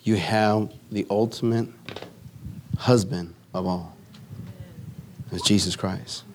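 A man preaching a sermon, moving from solemn teaching to lively storytelling. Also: lowish voice, takes it slowly, slight background noise. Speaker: pastor.

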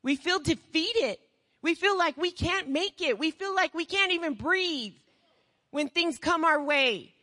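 An impassioned woman preaching with a high, bright, sharp voice, pausing between unhurried phrases. She piles up rhetorical questions and swings from near-whispers to shouts. Her voice rings out with the long reverb of a large hall. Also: expressive. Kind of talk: sermon.

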